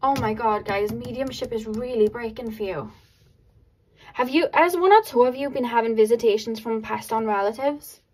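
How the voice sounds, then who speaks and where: A woman giving a casual pick-a-card tarot reading to her viewers, excitable and laughing often between many filler words. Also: a little high, moderate pace, rough recording.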